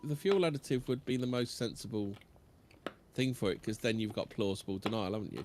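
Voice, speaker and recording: A man, co-hosting a casual chat podcast, animated and quick to jump in. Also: fairly low pitch, noisy background. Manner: animated, chatty, quick to interject. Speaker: podcast co-host.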